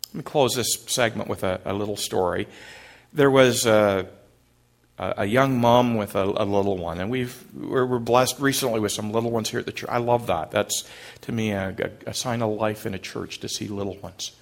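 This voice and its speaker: A middle-aged man, a pastor, preaching a sermon and telling a story in a gentle, halting way. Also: on the low side, gravelly.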